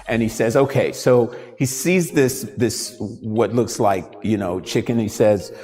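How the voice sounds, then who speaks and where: A man's voice: lowish voice, unhurried, in a large hall. A male radio host telling a story and running a live demonstration with a guest, acting out the voices of his characters. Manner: animated storyteller, acts out voices. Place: radio studio.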